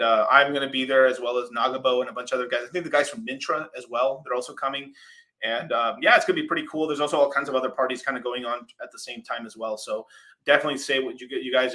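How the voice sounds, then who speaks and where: A man's voice: medium pitch, pushed and bright. A young man hosting a casual crypto livestream, rambling loosely, swearing freely and reading out viewer super chats.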